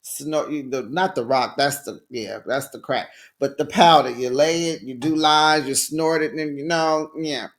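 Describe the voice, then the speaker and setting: A man's voice: fairly high pitch, a little slow. A man hosting a casual reality TV recap. He talks in a sassy, chatty way, laughs often and calls his listeners child and honey.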